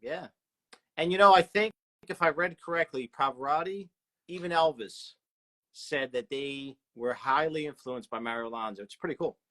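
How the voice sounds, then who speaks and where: A man's voice: a little high, a bit bright. A man, hosting a casual interview and reading out viewer questions in an agreeable, chatty way. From South Philadelphia. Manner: chatty, agreeable, quick to chime in. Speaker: host.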